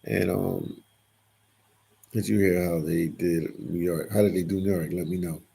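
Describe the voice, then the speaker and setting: A man with a low voice that sits deep in gravelly fry hosts a casual livestream. He reads out the chat and answers it in a loose, repetitive way, and his voice sounds husky. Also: fairly even intonation, a little slow, dark tone. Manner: reads chat comments aloud and replies, repeats phrases. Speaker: livestream host reading viewer comments.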